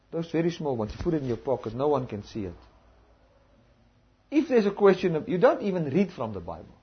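Male preacher, very husky voice, lively pitch swings, muffled lo-fi recording. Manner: animated storytelling, acting out conversations. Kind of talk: sermon on evangelism. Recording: dull lo-fi recording.

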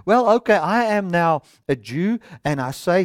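A male preacher delivers a sermon from a studio stage. He reads scripture aloud, then argues it through with rhetorical questions. His voice sits a little high and swings widely in pitch, and the room sounds dry and close. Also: expressive, a little slow, few pauses, dry recording.

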